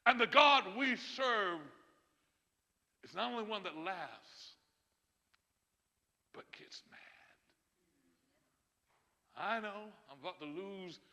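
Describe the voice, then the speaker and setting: A man's voice: sits high, pushed and bright. A man pastor preaching a sermon to his congregation, emphatic, with chuckles and asides to the listeners. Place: church sanctuary. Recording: long church hall reverb.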